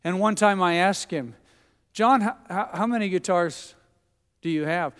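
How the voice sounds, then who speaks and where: A man's voice: high-pitched, a little slow, fairly bright tone. A man preaching a sermon, telling folksy stories and acting out the people he quotes. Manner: folksy, anecdotal, acts out quoted voices. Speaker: pastor. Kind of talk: sermon with storytelling. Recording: long hall reverb.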